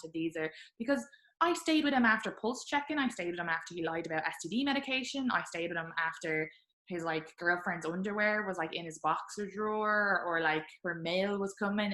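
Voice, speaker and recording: A woman hosting a podcast, telling candid stories in a chatty, animated way with lots of fillers. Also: on the low side, roomy sound. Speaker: podcast host. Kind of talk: candid conversational storytelling.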